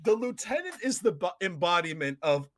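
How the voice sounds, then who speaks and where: A man hosting a casual podcast chat, excitable and quick to laugh. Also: high voice. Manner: excitable, laughs often, shouts quoted lines. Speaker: podcast host.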